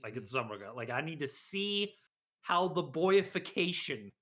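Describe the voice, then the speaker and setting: Animated young man, bright lively voice. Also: fairly high pitch, moderate pace. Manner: animated, emphatic, swears casually. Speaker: podcast co-host. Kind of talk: casual chat.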